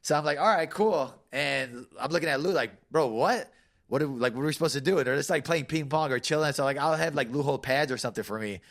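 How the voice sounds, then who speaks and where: A man's voice: medium pitch, quick pace, creaky, fairly bright tone. A man, a fighter, telling casual stories as a guest, loose and full of fillers, laughing as he goes. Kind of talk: casual storytelling.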